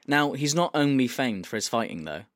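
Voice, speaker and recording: A man's voice: medium pitch, sing-song, a little fast, no room sound, studio quality. A man hosting a casual podcast, presenting a segment, swearing freely and laughing as he talks. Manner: swears freely, laughs often, reads quotes aloud.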